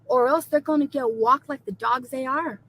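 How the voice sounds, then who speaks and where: A woman with a high, bright and sharp voice rants to camera. She swears freely and mocks her critics, staying defiant throughout. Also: moderate pace, slight background noise, low-quality recording. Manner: profane, mocking and defiant. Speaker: video creator being reacted to. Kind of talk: angry rant to camera.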